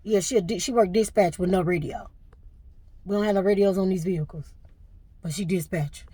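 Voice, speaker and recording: A woman's voice: medium pitch, steady tone, fairly quick, dark tone, slightly rough, dry recording. A middle-aged woman, venting to camera with emotion and fighting back tears. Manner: tearful, fighting back crying. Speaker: vlogger.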